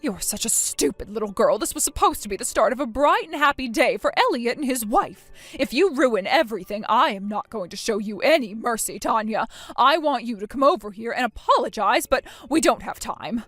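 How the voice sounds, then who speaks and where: A woman's voice: a little high, animated, fairly quick, few pauses, fairly bright tone, no echo, faint music behind. A woman doing a stern scolding mother. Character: stern middle-aged mother, groom's mom. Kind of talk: text-message story reading.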